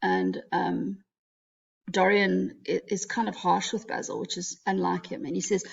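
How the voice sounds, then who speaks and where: A woman's voice: fairly low pitch, fairly even intonation, a little slow, vocal fry. A woman teaching a literature lesson, explaining casually with fillers and asides. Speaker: English teacher. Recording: dull lo-fi recording.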